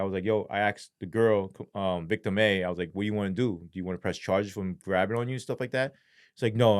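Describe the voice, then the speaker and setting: New guy telling a story on a podcast, lots of cursing, acts out what people said. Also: mid-range voice. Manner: profane, animated retelling with acted-out quotes. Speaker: interview guest, former police sergeant. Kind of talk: casual storytelling.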